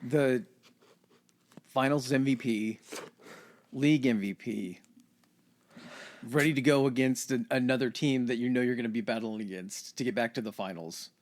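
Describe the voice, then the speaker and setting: A man's voice: medium pitch, steady tone, normal speed, pauses often. A man co-hosting a podcast, chiming in with emphatic reactions during casual chat. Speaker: podcast co-host.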